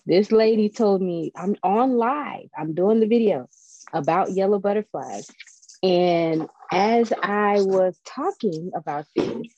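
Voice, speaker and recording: A woman in a casual spiritual chat, telling stories in a chatty, animated, digressive way. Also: medium pitch, slow, muffled recording. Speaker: spiritual guest.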